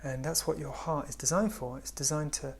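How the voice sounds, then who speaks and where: A man giving a spiritual talk in a gentle, unhurried way, often dropping to a hush. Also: fairly high pitch, steady tone, vocal fry, slightly rough. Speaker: spiritual teacher.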